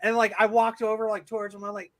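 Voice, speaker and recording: A man's voice: high-pitched, quick pace. A man co-hosting a casual podcast, telling rambling, profane stories. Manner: rambling, profane, animated storyteller. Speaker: podcast co-host. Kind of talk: casual chat, anecdote telling.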